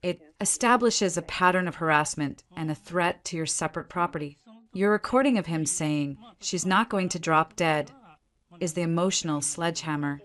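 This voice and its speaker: A woman's voice: fairly low pitch, normal speed, a bit bright, close to an everyday voice. Woman voicing a curt fifty-something divorce lawyer. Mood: businesslike. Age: 50s. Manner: curt, clipped, commanding. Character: brisk, ruthless middle-aged female divorce lawyer.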